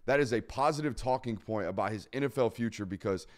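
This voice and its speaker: A man's voice: mid-range voice, quick pace, darkish tone. A man hosting a live sports talk show, emphatic and blunt, repeating points for stress. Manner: blunt, casual swearing. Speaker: podcast host.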